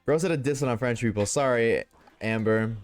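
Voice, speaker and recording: A man's voice: medium pitch, moderate pace, no echo, faint music behind. A young man streaming a game, chatting casually with his viewers, joking and swearing freely. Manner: profane, joking, talks back to chat. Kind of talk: casual gaming livestream chat.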